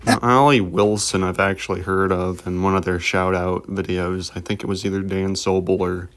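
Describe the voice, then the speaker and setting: A man's voice: deep voice, flat delivery, normal speed. A man hosting a reaction video, talking in a casual, rambling voice-over. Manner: rambling, offhand remarks.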